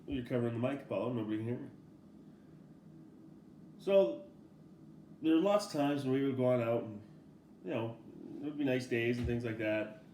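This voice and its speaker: A man's voice: medium pitch, a little fast, long pauses, slight background noise. Laid-back middle-aged man, roomy echo. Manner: relaxed and rambling, laughs often while telling. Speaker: father telling a family story. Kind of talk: casual storytelling.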